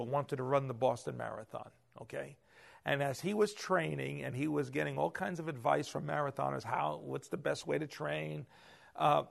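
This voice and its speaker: A man preaching a sermon, swinging between loud emphasis and hushed asides. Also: fairly high pitch, vocal fry. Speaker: pastor.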